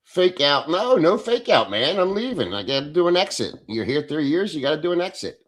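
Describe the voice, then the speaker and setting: This livestream host from Philadelphia talks briskly in a slightly high, very animated voice. Blunt and full of profanity, he chats casually while going through viewer comments.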